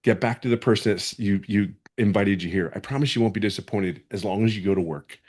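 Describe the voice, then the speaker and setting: A man's voice: on the low side, fast, a little mellow, breathy edge. A man in his fifties giving an emotional, fervent testimonial on a webinar from home, earnest and often restarting his sentences. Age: 50s.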